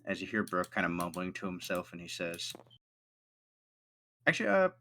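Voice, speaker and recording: Deep-voiced man running a tabletop game. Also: very animated, bright, forceful tone, a little hiss or hum. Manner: casual, halting, voices characters in brief quotes. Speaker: game master.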